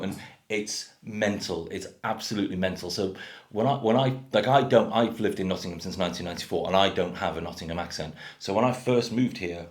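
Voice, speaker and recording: Man, 30s, generic English accent, sweary casual rant to camera, low voice. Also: fairly quick. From North Wales. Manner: blunt, sweary, rambling. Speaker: craft beer vlogger. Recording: echoey room.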